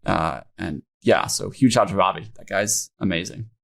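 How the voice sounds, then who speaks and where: A young man with a lowish voice tells his founder story in a podcast interview. He speaks candidly and loosely, with plenty of "like" and "um". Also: moderate pace, gravelly, fairly bright tone. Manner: informal, many fillers like "like" and "um", emotional retelling. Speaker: founder guest.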